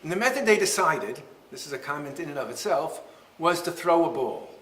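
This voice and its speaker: A man, a rabbi, giving a lecture and telling stories in an animated, humorous way. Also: a little high, fairly quick. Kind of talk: lecture with storytelling. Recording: roomy hall echo.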